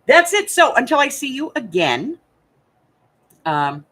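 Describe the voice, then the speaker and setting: A woman's voice: high-pitched, very animated, a little slow, a bit bright. An older woman from the United States hosting a crafting channel, chatting casually and rambling to her viewers while she thinks aloud.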